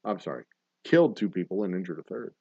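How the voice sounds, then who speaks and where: A man's voice: sits low, big pitch swings, quick pace, warm tone, breathy edge, lo-fi sound. A man co-hosting a casual podcast chat over drinks, ranting with lots of profanity and laughter. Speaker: podcast co-host.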